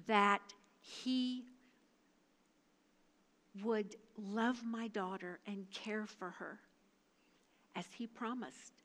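An older woman giving a devotional talk, reading scripture and telling a personal story in an earnest, measured way. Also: mid-range voice, fairly bright tone. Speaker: devotional speaker. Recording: long hall reverb.

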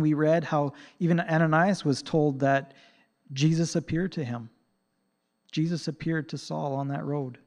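A man preaching a sermon, swinging between loud emphasis and soft, hushed quotations. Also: on the high side.

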